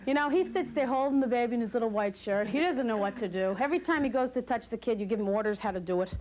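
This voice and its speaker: A woman leading a postpartum class for new parents, talking in an animated way, acting out quoted voices and laughing often. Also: a little high, fast. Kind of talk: lively educational talk to new parents. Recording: hissy 1980s VHS recording.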